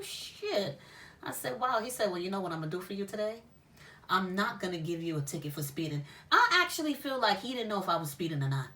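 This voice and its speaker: Lively swearing woman telling a story. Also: medium pitch, far from the mic. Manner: lively, animated, swearing, with laughs. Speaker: spiritual shop owner and storyteller. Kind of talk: casual storytime.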